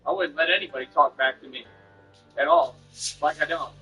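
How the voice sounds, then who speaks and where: A man with a high, bright, forceful voice lectures and boasts in a confrontational stream rant. He talks down to his critic without pause, over faint game music. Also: big pitch swings, gravelly, breathy edge, dull audio.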